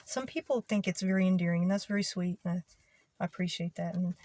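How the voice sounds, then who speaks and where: A young woman from Texas with a Texas twang, talking casually to her channel in an easygoing, rambling way with many pauses and ums. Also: lowish voice, a little mellow, dry recording. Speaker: video creator. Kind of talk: casual talk to camera.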